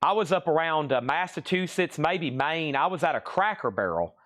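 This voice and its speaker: A man's voice: a little high, animated, normal speed, a bit bright. A man with a Southern US accent hosting a live record sale, chatting in a rambling, easygoing way and laughing often. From American South. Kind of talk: casual live-stream selling chat.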